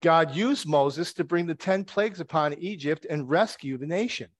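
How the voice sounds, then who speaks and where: A man's voice: a little high, normal speed, no echo. A man preaching a conversational sermon. He retells the story with wry asides and rhetorical questions.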